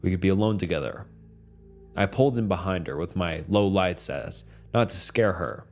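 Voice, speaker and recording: A man reading a dark first-person horror story as a calm, steady scripted narration. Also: sits low, normal speed, soft background music.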